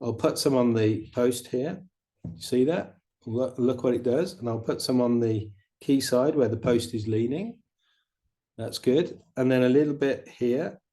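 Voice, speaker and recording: A middle-aged man teaching watercolor painting, chatting in a relaxed way and explaining each step as he paints. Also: mid-range voice, unhurried. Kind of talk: painting demonstration.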